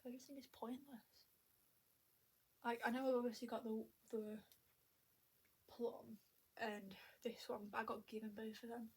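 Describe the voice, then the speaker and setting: A woman's voice: fairly high pitch, little pitch movement, normal speed, pauses often, slightly rough. A young woman vlogging at home into a tablet camera, chatty and self-mocking, a little out of breath and often half-whispering. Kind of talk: rambling casual chat to camera. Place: at home indoors.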